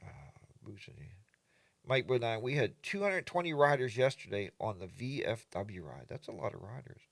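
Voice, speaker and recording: An older man hosting a relaxed live chat, reading viewer comments and mimicking other riders in exaggerated voices. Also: mid-range voice, moderate pace, creaky, dry recording, clean studio sound. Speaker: livestream host.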